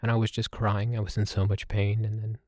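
A man telling a reflective personal story as a host, halting and with many fillers. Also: on the low side, level tone, darkish tone, no room sound, studio quality. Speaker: podcast host. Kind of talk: personal storytelling about meditation.

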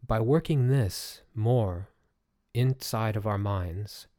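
A man with a fairly low voice hosts a reflective self-help podcast. He speaks calmly and gently, unhurried, with the odd small restart. The sound is dry and close, with no room echo. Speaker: podcast host.

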